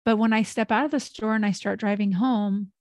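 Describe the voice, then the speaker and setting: Woman, mid-pitched voice, casual podcast talk, personal and open, dry close mic. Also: fairly quick, dry recording. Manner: open, shares personal habits, relaxed filler-laden speech. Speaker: podcast co-host.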